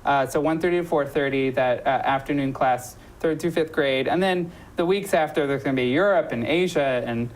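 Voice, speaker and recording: A woman's voice: low voice, normal speed, few pauses, poor audio. A woman hosting a local talk show, chatting casually with lots of ums and restarts. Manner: chatty, many ums and self-corrections. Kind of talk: casual promotional chat.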